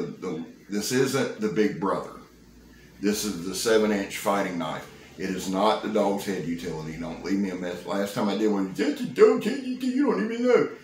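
Excitable man in his fifties. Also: low voice, moderate pace, a little hiss or hum. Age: 50s. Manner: excitable, folksy, joking. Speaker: knife reviewer. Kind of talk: casual knife-review vlog. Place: indoor room. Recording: roomy, echoey sound.

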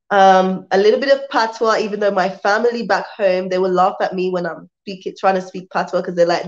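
A woman's voice: mid-range voice, fairly even intonation, unhurried. A woman with a British accent chatting casually on a live stream, answering viewer comments, rambling with many restarts and sounding worn out. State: tired, worn out. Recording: dull lo-fi sound.

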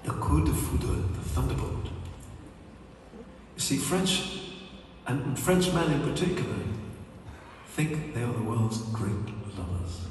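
A man's voice: medium pitch, noisy background. A male singer chatting to a live audience between songs in a rambling, joking way. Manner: joking, rambling chat with pauses. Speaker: singer on stage. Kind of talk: live concert stage banter. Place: large concert hall. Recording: echoey concert hall, distant mic, loud music.

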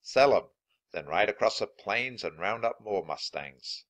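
An easygoing storybook cowboy with a folksy drawl, as a man reads him aloud. His voice climbs and dips with a lively swing, a little above a plain lowish speaking tone. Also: unhurried. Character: easygoing adult male cowboy mustang herder.

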